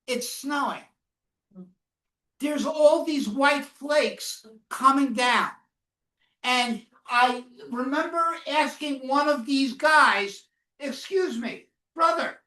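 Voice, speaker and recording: High-voiced woman telling a survival story, echoey hall. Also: sharp tone. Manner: questions the audience often and waits for answers; slow, solemn storytelling. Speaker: Holocaust educator speaking to students. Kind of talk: first-person survival testimony to a live audience. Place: classroom or lecture hall. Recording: echoey room, mic far off.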